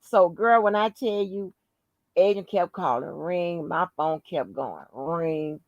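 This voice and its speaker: This podcast host has a fairly low voice and a slow pace, and she tells her story in casual conversation thick with swearing and emphasis. The audio is dull with no room sound. She's a lively, emphatic storyteller who doesn't hold back on profanity.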